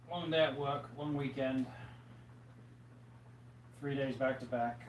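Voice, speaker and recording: Man, livestream host, casual and chatty, tired, middle pitch, echoey room, faint hum behind. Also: measured pace, pauses often. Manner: relaxed, chatty, reads out viewer comments. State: tired, yawning. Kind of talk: casual chat with viewers. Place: home room with fish tanks.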